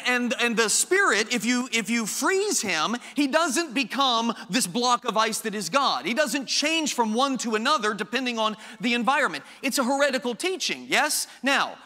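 A high, bright male voice preaching with lively swings in pitch, firing off rhetorical questions and playful asides. His sermon rings out with a long hall reverb behind it. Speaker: pastor.

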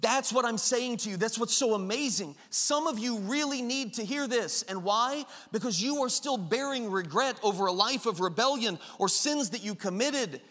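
Bright high-voiced preacher in a hall. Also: male voice, expressive, moderate pace, hardly any pauses. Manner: impassioned, acts out the father's lines with rising intensity. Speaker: pastor. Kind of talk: sermon.

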